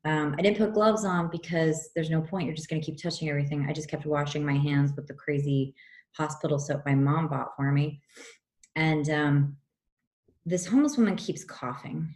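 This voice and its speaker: A woman co-hosting a casual chat, telling a personal story in an animated, frank way and swearing freely. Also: deep voice, moderate pace. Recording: roomy echo.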